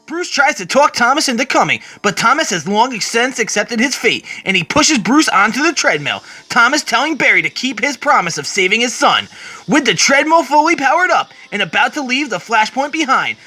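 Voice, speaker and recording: A man's voice: extremely high pitch, very animated, normal speed, bright, forceful tone. A man retelling a comic book story as a dramatic reading, quoting the characters along the way.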